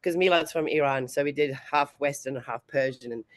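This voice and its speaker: A woman's voice: extremely low pitch, fairly quick, dry recording. A woman, chatting as an interview guest and laughing often between sentences. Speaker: bodybuilding competitor and guest. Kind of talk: casual interview chat.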